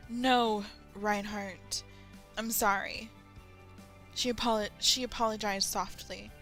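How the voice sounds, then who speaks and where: A woman's voice: medium pitch, sharp tone. A young woman hosting a fan fiction reading, mixing the story with laughing, swearing, sarcastic asides. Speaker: fan fiction reader and host. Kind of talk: dramatic reading with comic asides.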